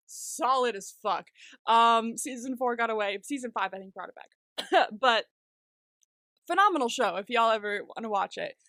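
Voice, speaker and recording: A young adult woman co-hosting a podcast in casual chat, excitable, swearing freely and laughing often. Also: a little high, dry recording, studio quality. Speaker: podcast co-host.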